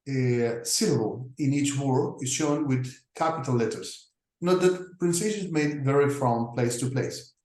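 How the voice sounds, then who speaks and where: A man teaching a lesson, talking through slides deliberately with frequent pauses and fillers. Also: mid-range voice, darkish tone. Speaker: English teacher. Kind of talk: slow explanatory lecture over slides. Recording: echoey room.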